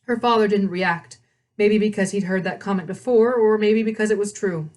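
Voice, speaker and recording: A woman hosting a read-aloud, reading a novel with chatty asides and quick self-corrections. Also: mid-range voice, a little mellow.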